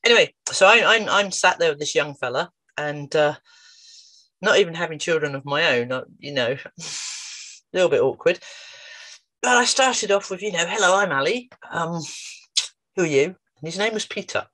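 Animated woman therapist storytelling. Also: normal speed. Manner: lively, animated retelling with jumps in pitch. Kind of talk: storytelling talk to camera.

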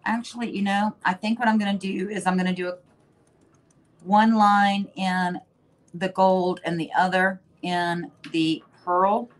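Brief: woman host, unhurried, chatty, thinks aloud while demonstrating glazes. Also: mid-range voice, steady tone. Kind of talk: casual demo narration.

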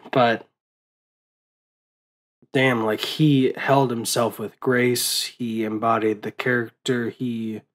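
An exhausted man speaks in an unhurried, meandering way, his speech full of ums and uhs. He swears easily and sounds heavy with grief, like a fan thinking out loud after a loss. His pitch sits in an ordinary middle range. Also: little pitch movement, poor audio. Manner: profane, grieving, rambling with many fillers. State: tired, late at night. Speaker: movie vlogger. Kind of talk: casual rambling monologue.

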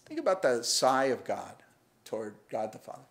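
This pastor's medium-pitched voice swoops wildly up and down at a moderate pace, fairly bright with a little hiss or hum. Preaching in church, he keeps things chatty and pokes fun at himself, playing out small voices and chuckling at the text.

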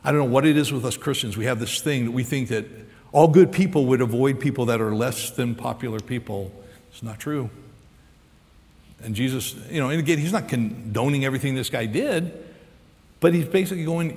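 An American man preaching a sermon as pastor, animated and acting out quotes and asides, recorded live in a large church auditorium on a stage microphone. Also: mid-range voice, a little fast. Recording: live sermon with long hall reverb.

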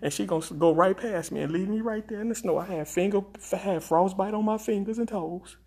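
Gravelly man in a dramatic comic rant. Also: fairly quick. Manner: exaggerated, dramatic complaining with big pitch swings; repeats a flat "nope". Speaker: comedic vlogger. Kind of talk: comedic rant on a live stream.

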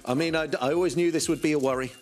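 A man's voice: on the high side, very fast. A man hosting a satirical news show, giggling and fumbling through outtakes.

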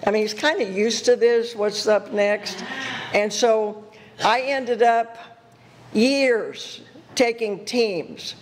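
An older woman giving a guest sermon, telling personal stories in an animated way, laughing and acting out her own thoughts. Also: on the high side, slow pace. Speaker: guest speaker at church. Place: church sanctuary. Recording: echoey church hall with faint noise.

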